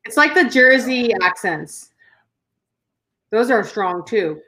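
A woman with a mix of Texas, Boston and Canadian accents, chatting casually, excitable and swearing a lot. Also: on the high side, slow. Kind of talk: casual chat.

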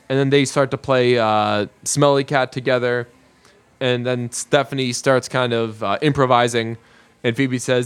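A man's voice: medium pitch, fairly even intonation, normal speed, smooth. A man casually recapping a TV episode scene by scene, with plenty of filler sounds. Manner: narrates scene by scene with many "uh" fillers. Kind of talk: casual spoken retelling.

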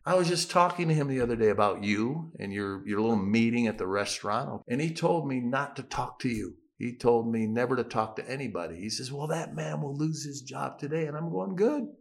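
A missionary pastor telling a personal story in a sermon, animatedly acting out the dialogue. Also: male voice, medium pitch, expressive, fairly quick, hardly any pauses.

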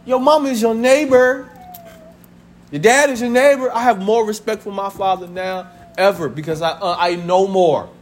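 A man's voice: high-pitched, fairly even intonation, normal speed, a little hiss or hum. A man in his thirties preaching a sermon to his congregation, conversational and full of laughter. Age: 30s. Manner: conversational preaching with laughter and acted family voices. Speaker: pastor. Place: church sanctuary.

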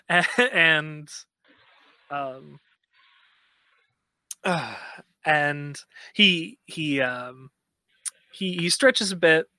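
A man describing his character's actions at a tabletop game, slow and hesitant. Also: on the high side, lively intonation, pushed and bright, no echo. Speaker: player.

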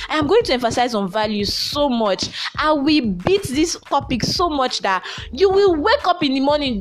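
A young Nigerian woman hosting a Christian podcast, talking emphatically and preaching at times. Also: mid-range voice. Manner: emphatic, preachy, shouting at times with bursts of laughter. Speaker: podcast host. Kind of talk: motivational Christian podcast talk.

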